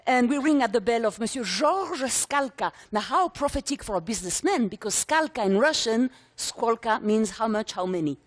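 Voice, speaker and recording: A woman in her sixties performs a story on stage. She is theatrical and emphatic, piling up vivid lists and repeating words for effect. Her intonation leaps about a great deal, in a slightly high voice. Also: animated, normal speed, hardly any pauses. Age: 60s. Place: conference stage before a live audience.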